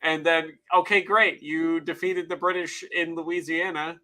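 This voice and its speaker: A man with a somewhat high, bright, forceful voice, chatting at home over drinks. He speaks with a sarcastic edge and swears freely. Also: steady tone, measured pace, poor audio. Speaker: livestream host. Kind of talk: casual drinking chat.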